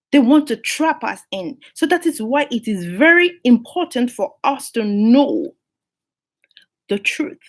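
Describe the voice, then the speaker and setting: A woman from Africa reviewing a book, retelling a folk tale and reflecting on it with animated storytelling. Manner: animated storytelling, acting out characters with pitch jumps.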